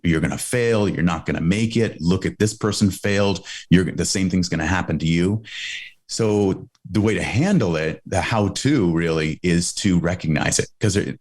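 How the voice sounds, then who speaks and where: Deep-voiced man explaining earnestly. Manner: earnest, explanatory, with frequent restarts. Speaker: podcast guest, investor and coach. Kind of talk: conversational interview answer.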